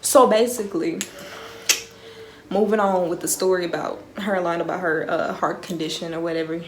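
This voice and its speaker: A woman's voice: lowish voice, steady tone, normal speed, roomy sound. A young woman vlogger in casual storytime mode. She talks in slang and keeps checking that the listener is following.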